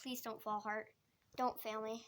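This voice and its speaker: Female vlogger, slightly high voice, chatty and nervous, heavy clicking noise in the background. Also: little pitch movement, a little slow. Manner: chatty, nervous, lots of "like" and "oh my gosh". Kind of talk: casual narration while stacking toys. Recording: loud clicking noise behind voice.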